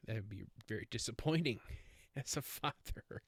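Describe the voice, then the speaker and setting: A man's voice: medium pitch, expressive, normal speed, husky, dry recording. Man, casual podcast host, rambling, fillers and restarts, dry close sound. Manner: rambling, with many fillers and self-corrections. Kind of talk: casual solo podcast monologue.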